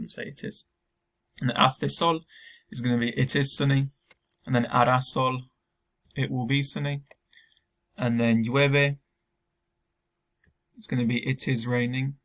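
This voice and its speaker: Young male teacher recording a remote lesson, gravelly and flat, relaxed with frequent ums. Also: mid-range voice. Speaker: school Spanish teacher.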